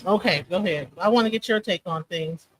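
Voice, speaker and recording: A woman's voice: lowish voice, a little fast, a little hiss or hum, rough recording. A woman co-hosting a live commentary stream, talking casually and rambling, often checking in with "you know what I'm saying.".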